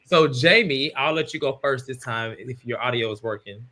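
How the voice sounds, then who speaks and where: A man's voice: medium pitch, normal speed, sharp tone. A man hosting a casual reality-TV review panel over a video call, recapping loosely with lots of fillers. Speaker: podcast host.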